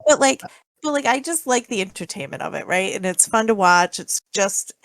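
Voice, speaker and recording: A woman's voice: mid-range voice, lively intonation, moderate pace, fairly bright tone, dry recording. A woman co-hosting a podcast in casual chat, rambling with lots of fillers and laughs. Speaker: podcast co-host.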